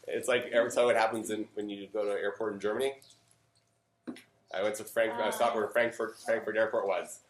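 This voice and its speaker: Chatty rabbi in an echoey room. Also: male voice, lowish voice, little pitch movement, a little fast, noisy background. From Canada. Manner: chatty, many fillers, joking asides. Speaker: rabbi teaching a class. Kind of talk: informal Torah talk. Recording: roomy echo.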